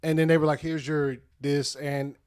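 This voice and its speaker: A man's voice: on the high side, flat delivery, moderate pace, darkish tone, clean tone. Laid-back young man co-hosting, laughing often. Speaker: co-host. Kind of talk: casual livestream chat.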